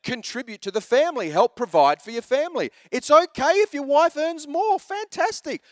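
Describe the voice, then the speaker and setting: A male pastor in his thirties preaching a sermon, animated and joking as he tells family stories and urges the men on. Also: very high voice, dry recording, studio quality. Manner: animated, joking storyteller who shifts into exhortation.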